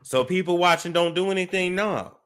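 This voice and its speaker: A man hosting a celebrity gossip show, telling a story with dramatic pauses, restarts. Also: high-pitched, a bit bright, clean tone. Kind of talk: casual gossip commentary.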